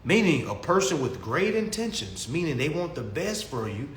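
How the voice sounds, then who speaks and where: A man's voice: fairly high pitch, big pitch swings, normal speed, a little hiss or hum. Guy going off on his stream, preachy and slangy, says stuff twice, roomy echo. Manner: preachy, emphatic, repeats himself, slangy. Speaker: livestream host answering chat. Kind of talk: casual livestream monologue.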